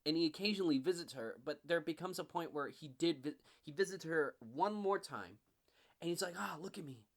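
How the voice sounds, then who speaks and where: A man in his twenties giving a casual, animated book review, swearing often and acting out the characters' lines. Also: a little high, a little fast. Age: 20s. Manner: animated, profane, frequent "like" fillers, acts out characters.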